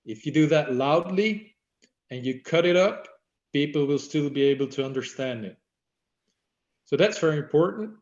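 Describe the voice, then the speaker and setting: A man's voice: fairly high pitch, lively intonation, moderate pace, long pauses, a little mellow. A man giving an online workshop for badminton umpires, explaining and demonstrating how to use the voice. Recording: echoey, dull lo-fi audio.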